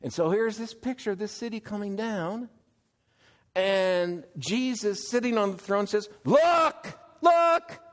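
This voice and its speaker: A man preaching a sermon, slow and measured, building to emphatic exclamations. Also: high voice, in a large hall.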